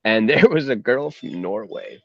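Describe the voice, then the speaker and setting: A man's voice: mid-range voice, normal speed, dry recording, dull audio. A man co-hosting a podcast, telling family stories in casual chat and laughing often. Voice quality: laughs often, animated storytelling. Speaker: podcast co-host.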